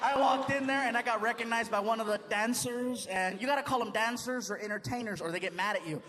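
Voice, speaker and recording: High-voiced male comic on stage. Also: quick pace, distant mic, noisy background. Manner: animated, storytelling, does voices. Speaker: stand-up comedian. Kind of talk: stand-up comedy routine. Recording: live show with loud laughing crowd.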